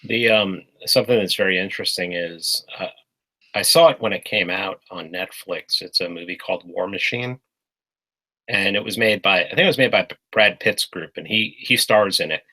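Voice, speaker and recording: A man talks in a casual political discussion with a low-pitched but bright, edgy voice. He speaks bluntly, swears freely and keeps restarting his sentences mid-thought. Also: moderate pace, rough recording. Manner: blunt and profane, with frequent restarts. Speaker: podcast guest.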